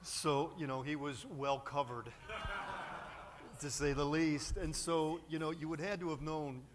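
A man's voice: on the high side, steady tone, unhurried, background noise. A man preaching a sermon from a church pulpit, telling a story with lots of fillers and restarts. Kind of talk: sermon with anecdote.

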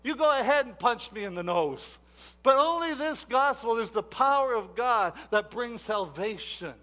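A man preaching a sermon, moving from quiet asides to loud emphatic exhortation and repeating himself often. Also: very high voice, lively intonation, normal speed. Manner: repeats words and restarts often.

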